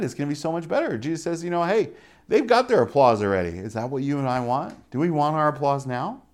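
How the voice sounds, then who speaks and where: A man preaching a casual sermon, full of rhetorical questions and offhand jokes, swinging between loud emphatic lines and quiet asides. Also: a little high.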